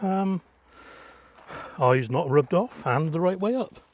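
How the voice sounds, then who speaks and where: Working outdoors on his allotment plot, a man chats casually for his vlog and mutters little asides along the way. He speaks slowly in a fairly high voice with lively intonation.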